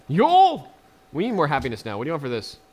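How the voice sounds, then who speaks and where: A man's voice: mid-range voice, sing-song, rapid-fire, a bit bright. A man casually commenting on his strategy game, chatty and laughing often, talking to the units on screen. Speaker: let's play gamer.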